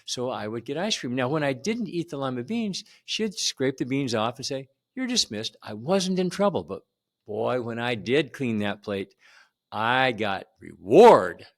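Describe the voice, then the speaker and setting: A man's voice: mid-range voice, expressive, measured pace. A man in his seventies telling a personal childhood story to camera in a conversational way, repeating words for emphasis. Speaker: channel host.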